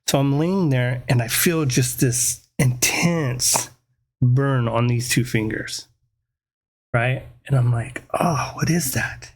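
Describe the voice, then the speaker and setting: A man's voice: medium pitch, slow. A middle-aged man, a podcast host, casually telling a personal story and acting out the screams and voices in it. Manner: animated, acts out screams and voices in his story.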